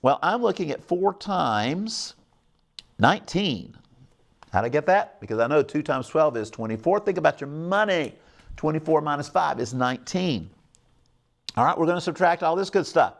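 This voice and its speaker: A man's voice: a little high, creaky. A middle-aged man hosting a televised math lesson, upbeat and coaxing, often checking in with his viewers. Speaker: math teacher hosting a call-in show.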